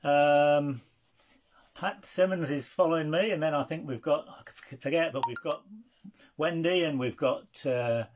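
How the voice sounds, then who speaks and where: A man hosting an online blues club in casual live-stream chat, halting and hesitant with many fillers. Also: a little high, a little mellow, a little hiss or hum.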